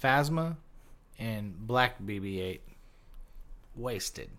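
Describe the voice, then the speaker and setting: A man's voice: fairly low pitch, lively intonation, very slow, fairly bright tone. A man co-hosting a podcast, giving blunt, short opinions in casual chat. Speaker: podcast co-host.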